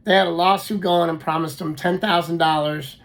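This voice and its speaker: A man casually telling his own life story, halting often with fillers and restarts. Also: on the high side, steady tone, a bit bright.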